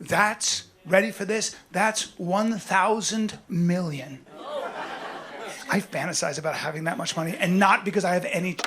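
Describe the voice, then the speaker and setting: A middle-aged man performing a stand-up comedy set, rambling through stories with animated acted-out bits. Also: high-pitched, a little slow. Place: comedy stage. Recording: live stage recording with audience noise.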